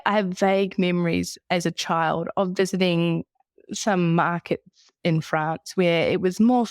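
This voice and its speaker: A woman's voice: fairly low pitch, no echo, studio quality. A middle-aged woman with a New Zealand accent, chatting easily as a podcast guest and laughing often. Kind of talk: casual travel chat.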